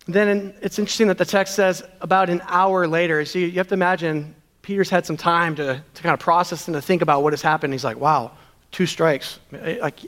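A man's voice: a little high, a bit bright. A man preaching a sermon, earnest, with rhetorical questions. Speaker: pastor.

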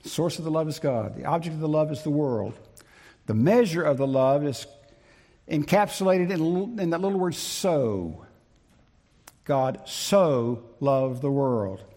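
A man preaching a sermon in an emphatic, deliberate way, repeating his key phrases, with a gravelly, husky voice. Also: fairly high pitch, expressive, warm tone. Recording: long reverb of a large hall.

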